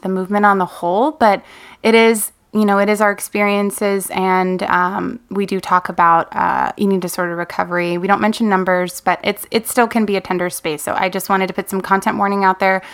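Calm, measured woman podcast co-host. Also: medium pitch. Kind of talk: casual chat.

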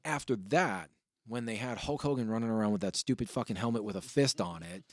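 A man hosting a podcast in casual chat, telling rambling, profane stories with bursts of excitement. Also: lowish voice, fairly quick, dry recording, studio quality. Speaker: podcast host.

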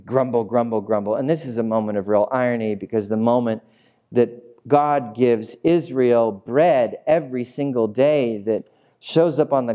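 A man preaching a sermon as pastor, animated and playful, acting out little scenes as he goes. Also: medium pitch.

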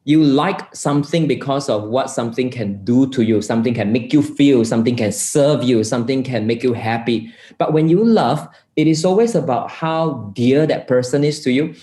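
A man's voice: mid-range voice, darkish tone. A man preaching a sermon, telling a personal story in an earnest way and often repeating words. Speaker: pastor. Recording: roomy echo.

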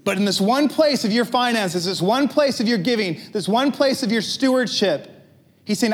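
A man's voice: sits high, animated, moderate pace. A pastor preaching a conversational sermon, asking his listeners questions and joking with them.

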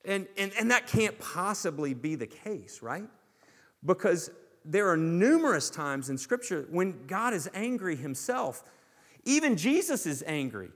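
A man preaching a sermon to his congregation with a lively, sweeping delivery, his voice riding up and down as he poses question after question. His pitch sits a touch high for a man, and the long reverb of a church hall trails each phrase. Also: measured pace. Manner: animated preaching, rhetorical questions, swings from loud to hushed. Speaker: pastor.

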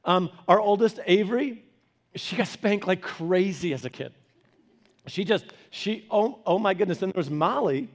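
A man preaching a sermon as a pastor, telling family stories in an animated way with laughing asides. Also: high voice, moderate pace.

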